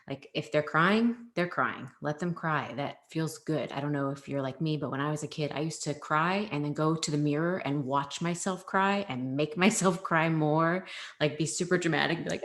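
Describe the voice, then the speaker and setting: A woman's voice: sits low, moderate pace. A young adult woman, a former teacher and parent, chatting as an interview guest, laughing often and acting out quotes. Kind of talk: casual interview chat.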